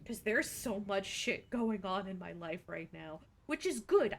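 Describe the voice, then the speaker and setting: A woman's voice: mid-range voice, expressive, measured pace, gravelly, a little hiss or hum. A young woman streamer chatting casually, self-deprecating and swearing freely.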